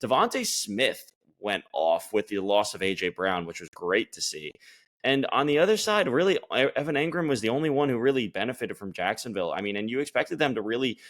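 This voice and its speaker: A man co-hosting a podcast, talking through fantasy football results in a relaxed, loose way with frequent restarts. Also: medium pitch, a little fast. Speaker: podcast co-host. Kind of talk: casual fantasy football chat.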